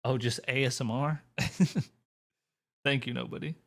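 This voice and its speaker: A young man in a relaxed live-stream chat, talking loosely to his audience with a casual, chatty manner and a bit of swearing. His voice sits at an ordinary middle pitch for a man. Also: a little slow, gravelly. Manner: laid-back, chatty, talks to his chat, mild swearing.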